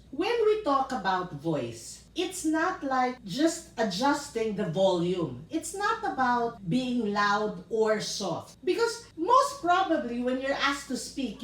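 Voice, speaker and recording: A Filipino-accented woman coaches public speaking in a slow, deliberate way, her fairly high voice rising and falling a great deal. She sounds set back from the mic, in a roomy space with a noticeable echo. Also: far from the mic. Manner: emphatic, demonstrative, switches into Tagalog. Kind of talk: video lesson.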